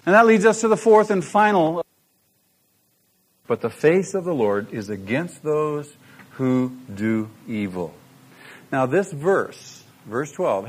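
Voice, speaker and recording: A middle-aged man preaching a sermon, emphatic and full of rhetorical questions to the congregation. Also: a little high. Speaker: pastor.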